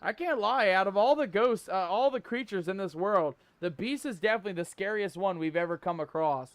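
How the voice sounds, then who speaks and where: A man streaming a game live, joking in mock pirate talk, reading the game's text aloud and shouting out in surprise. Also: high voice, fairly quick, no room sound. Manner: laughs often, exclaims loudly.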